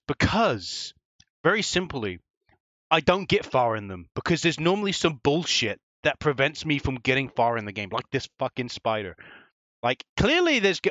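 A man giving excitable first-impressions commentary while playing an old console game, swearing and yelping at enemies. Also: mid-range voice, dry recording, highs cut off. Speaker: gaming channel host. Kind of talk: let's play commentary.

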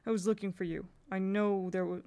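A woman reading the part of a calm, commanding older great-uncle who protects two children, speaking low and steady in an audiobook. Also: a little fast, close to an everyday voice. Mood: urgent.

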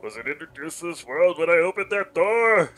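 A man's voice: fairly high pitch, animated, fairly quick, fairly bright tone, soft background music, voice pushed up, poor audio. Ansem, a man doing a dramatic British scholar. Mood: wondering. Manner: dramatic, wondering reading. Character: excited male scholar reading his research journal.

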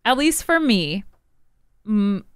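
A woman's voice: medium pitch, big pitch swings, takes it slowly, clean tone, dry recording, studio quality. A young woman from Tennessee co-hosting a casual podcast, recapping history with sarcastic asides. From Tennessee, USA. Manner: sarcastic, storytelling with laughs. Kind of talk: casual chat.

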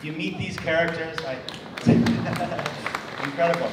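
A man from the United States, in his forties, telling a story to an audience with many pauses and repeated words. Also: a little high. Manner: halting, repeats words, restarts often. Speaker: speaker. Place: large hall. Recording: echoey hall, distant mic, faint noise.

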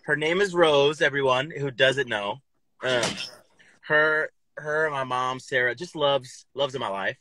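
A man's voice: mid-range voice, unhurried, sharp tone, slight background noise. A man chatting casually on a live stream from his parked car, easily amused and laughing often. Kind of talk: casual chat.

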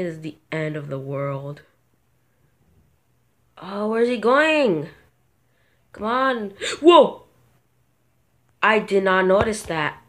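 A woman commentating her own gameplay, excitable and gasping at sudden moments, thinking aloud and talking to viewers. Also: mid-range voice. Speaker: gamer.

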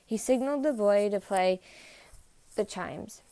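A woman reading a children's picture book aloud in an even, clear storytelling voice. Her pitch sits in the middle, and the recording is dry and close. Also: measured pace, pauses often, no room sound. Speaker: narrator.

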